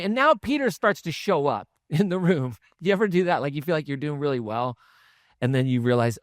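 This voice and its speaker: A man's voice: mid-range voice, expressive, a little fast, no room sound, studio quality. A man preaching a sermon as a pastor, telling the stories in a conversational way with asides. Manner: conversational storytelling with asides and chuckles.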